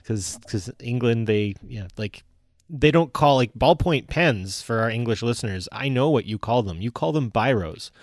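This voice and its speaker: A man co-hosting a podcast in casual chat, animated and full of fillers and restarts. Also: mid-range voice, normal speed, no room sound, clean studio sound. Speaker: podcast co-host.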